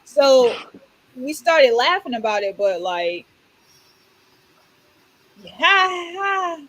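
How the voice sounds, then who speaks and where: A young woman from Orlando who tells stories in a blunt, animated way, swearing freely in casual podcast chat. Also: fairly high pitch, slow pace, rough recording. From Orlando, Florida. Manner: blunt, animated storytelling with profanity.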